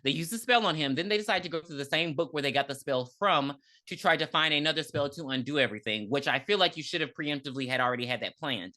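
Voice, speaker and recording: A woman co-hosting a casual podcast, recapping an episode in slangy, animated chat, often laughing and acting out the characters' lines. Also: deep voice, fast talker, hardly any pauses. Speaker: podcast co-host.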